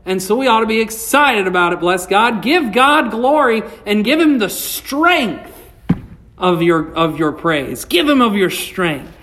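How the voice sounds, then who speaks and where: A male pastor delivers a sermon at an unhurried, deliberate pace. His preaching swells with passion and then sinks low, and he reads scripture aloud between points. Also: lively intonation, bright, forceful tone. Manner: impassioned preaching, rising and falling.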